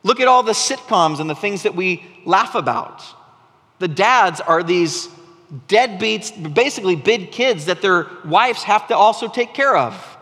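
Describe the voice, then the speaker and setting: A man's voice: sits high, lively intonation, unhurried, bright, forceful tone, big-room sound. A man preaching a sermon to his congregation in a conversational, storytelling way, often restarting his sentences. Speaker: pastor. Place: church sanctuary.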